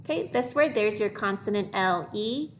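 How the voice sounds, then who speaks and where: A woman teacher leading a phonics lesson for young children, modeling each word slowly and clearly. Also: mid-range voice, lively intonation, a little hiss or hum. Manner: slow, deliberate modeling of words for young learners.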